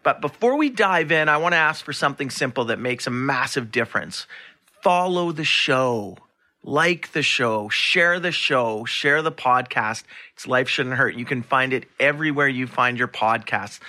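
Bright-voiced joking man, voice going hoarse. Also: medium pitch. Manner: playful, laughs often, tells long jokes. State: losing his voice. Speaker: podcast host and physiotherapist. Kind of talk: casual joking chat.

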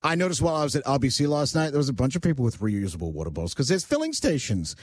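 A man's voice: medium pitch, very animated, racing, no room sound, clean studio sound. A male talk radio host chatting casually, teasing callers and ranting wryly. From Canada. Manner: wry, teasing, ranting asides.

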